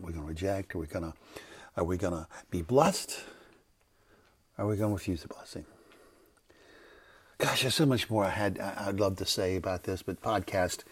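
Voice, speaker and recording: Low and slightly rough, this older man's voice carries unscripted devotional podcast talk. A pastor, he rambles conversationally and corrects himself along the way, with background noise in the recording.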